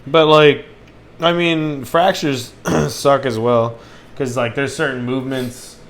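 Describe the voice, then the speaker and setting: Male co-host, average pitch, relaxed and meandering delivery; faint noise behind. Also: slow. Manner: laid-back, filler-heavy, rambling. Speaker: podcast co-host. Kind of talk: casual chat.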